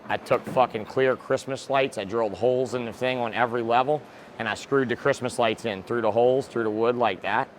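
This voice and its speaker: A reptile breeder appears as a guest in a casual outdoor interview, blunt, excitable and swearing freely. He speaks fairly quickly in a mid-range voice, with a little hiss or hum on the recording.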